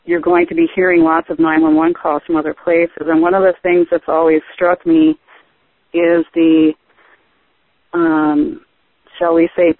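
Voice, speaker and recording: A woman with a Wisconsin accent, a 911 dispatcher, speaking calmly and evenly in a webinar. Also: deep voice, gravelly, no echo. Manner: calm, even, measured. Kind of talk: webinar talk. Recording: dry, phone-like call audio.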